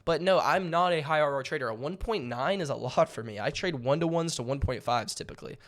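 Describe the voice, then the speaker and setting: A man's voice: a little high, lively intonation, a little fast, a bit bright. Casual trade recap guy, young male, repeats himself, playfully theatrical. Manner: rambling, repeats words, many fillers; jokingly theatrical. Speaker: day trading channel host.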